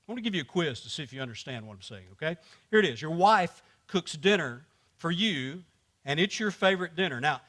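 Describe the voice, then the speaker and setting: This man's voice is a little high and a bit bright. At church, he gives a humorous lesson to a men's class, chatting casually, quizzing the group, and frequently breaking into laughter.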